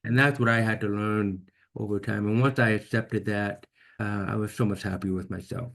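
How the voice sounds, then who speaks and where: A man's voice: fairly low pitch, fairly even intonation, moderate pace, vocal fry, a bit bright. A man with a deaf accent, telling his own story as an interview guest in an earnest, reflective way. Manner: earnest, reflective, repeats words when restarting.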